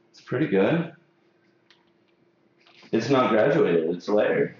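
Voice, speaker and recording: A man's voice: medium pitch, very animated, very slow, gravelly, darkish tone. A man hosting a live haircutting stream, chatting and joking with many fillers as he works. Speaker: hairstylist host of a live haircutting show. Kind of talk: casual chat during a live stream. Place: hair salon classroom. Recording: very echoey room, dull sound.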